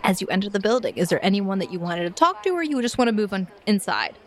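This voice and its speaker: A woman's voice: medium pitch, expressive, quick pace. Woman narrating a tabletop game. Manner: vivid, descriptive, playful. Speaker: game master.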